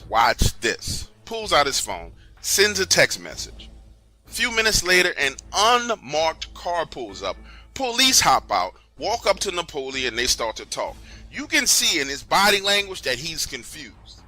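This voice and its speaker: Animated, bright-voiced male storyteller. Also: on the high side, moderate pace, faint music behind. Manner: casual, slangy, animated telling. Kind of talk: first-person story narration.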